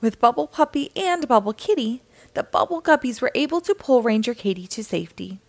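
Animated woman reading a kids' book. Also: on the high side, brisk. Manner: animated, sing-song narration. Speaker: storyteller. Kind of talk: reading a children's book aloud.

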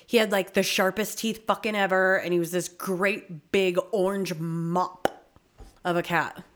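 A woman's voice: lowish voice, steady tone, a bit bright. A woman in casual chat with a friend, talking bluntly and cursing often. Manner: blunt, profane, quick asides.

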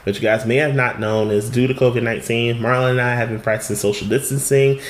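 A man's voice: mid-range voice, steady tone, fast. Joking podcast co-host man over Skype. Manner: playful, teasing, loose with profanity. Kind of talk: casual banter. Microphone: Skype call. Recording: uneven call audio.

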